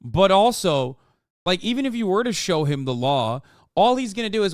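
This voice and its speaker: Swearing, animated male streamer voice. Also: sits high, no echo, studio quality. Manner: profane, animated, quick interjections. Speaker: streamer reacting to a video. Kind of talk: casual reaction commentary.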